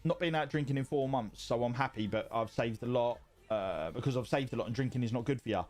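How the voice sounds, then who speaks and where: A man's voice: mid-range voice, fast, a little mellow, faint music behind. A man streaming from home, chatting casually with viewers in a rambling, sweary way that repeats itself. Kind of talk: casual livestream chat reading viewer messages.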